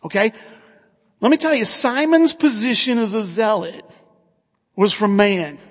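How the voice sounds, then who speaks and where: Earnest high-voiced male preacher in a hall. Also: lively intonation, a little slow. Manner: earnest, conversational preaching with rhetorical questions. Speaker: pastor. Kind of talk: sermon.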